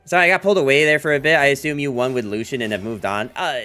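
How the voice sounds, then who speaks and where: A man's voice: medium pitch, fast, bright, forceful tone, smooth, soft background music. A man streaming a card game, chatting casually with viewers, full of fillers like "like" and "um" and joking asides. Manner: rambling, filler-heavy, jokey asides to chat. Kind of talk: casual livestream chat while playing a card game.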